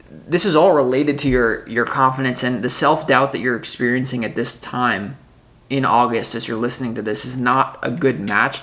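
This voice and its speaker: A man's voice: medium pitch, a bit bright. A man giving a solo tarot reading in a loose, rambling way, often correcting himself mid-sentence. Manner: rambling, self-correcting, spiritual talk. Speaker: tarot reader.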